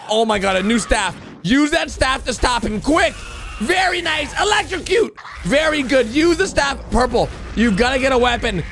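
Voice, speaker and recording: A man doing excited reaction commentary over cartoon clips, swinging between loud cheering and low worried muttering. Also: gravelly, slight background noise. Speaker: gaming commentator reacting to animations.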